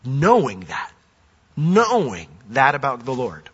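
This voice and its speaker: A man's voice: medium pitch, wildly swooping pitch, takes it slowly, a bit bright, husky. An older man preaching a sermon as a pastor, earnest and conversational. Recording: dull reverberant hall.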